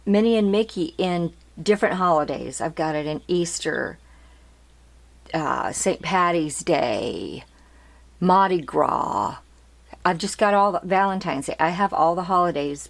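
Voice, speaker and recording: A woman hosting her craft channel, chatting casually as she shows ribbons one by one and keeps asking if they're cute. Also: fairly low pitch. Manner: chatty, repeats details, asks "aren't they cute?". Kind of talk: casual product show-and-tell.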